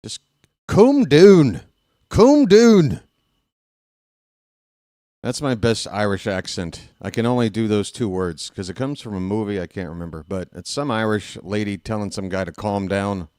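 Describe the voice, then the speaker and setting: An American man giving casual live fan play-by-play of a baseball game, chatty and talking to himself, with excitable bursts. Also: deep voice, a little fast, clear, resonant tone, no echo, clean studio sound. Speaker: play-by-play commentator.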